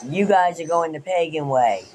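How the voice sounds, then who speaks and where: A woman's voice: sits low, animated, moderate pace, darkish tone, slight background noise. A mother chatting casually while watching a video, dry and impatient, steering things back on track. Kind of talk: casual reaction chat.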